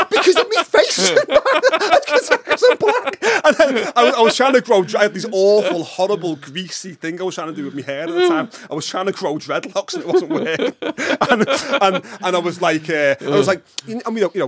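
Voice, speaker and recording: A man from England with a Liverpool accent, a podcast guest telling his story in a lively, animated way and laughing often. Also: sits high, a little fast, hardly any pauses, husky, dry recording, clean studio sound. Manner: animated, laughs often, acts out voices in anecdotes. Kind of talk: casual storytelling interview.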